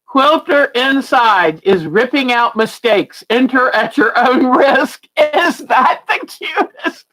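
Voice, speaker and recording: Woman host, unhurried, gushy and chatty, lots of delighted "oh"s while unboxing on stream. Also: high voice, lively intonation, a bit bright, rough recording. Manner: gushing, exclaims "oh" often, chatty. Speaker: quilting livestream host. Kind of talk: casual livestream unboxing chat.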